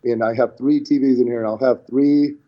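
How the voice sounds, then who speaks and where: A man's voice: medium pitch, a little fast. A man in his forties, a podcast guest telling stories in casual chat, acting out quotes with many restarts. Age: 40s. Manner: animated storyteller, acts out quotes, many restarts. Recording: dull lo-fi sound.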